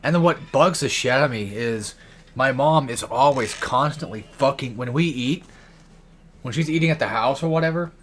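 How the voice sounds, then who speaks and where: A man's voice: mid-range voice, moderate pace. A young man giving rambling, profane commentary while playing a video game, swearing constantly as he rants. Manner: profane, ranting, frequent swearing. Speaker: let's play gamer.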